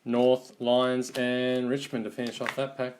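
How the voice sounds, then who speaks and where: A man's voice: medium pitch, completely flat delivery, measured pace, a little mellow. An Australian man hosting a live trading card box break, calling out teams and players in an easygoing running commentary.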